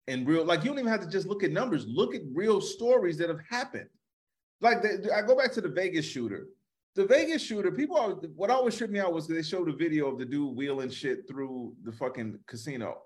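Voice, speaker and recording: A man co-hosting a casual comedy podcast, talking in an animated, profane way and reading out viewer comments. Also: fairly high pitch. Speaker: comedian co-host. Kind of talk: casual live-streamed podcast banter.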